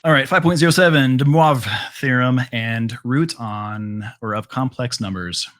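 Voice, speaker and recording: A man's voice: mid-range voice, a little slow, a bit bright. Casual male math teacher lecturing class. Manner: casual, filler-heavy explaining with frequent ums and all rights.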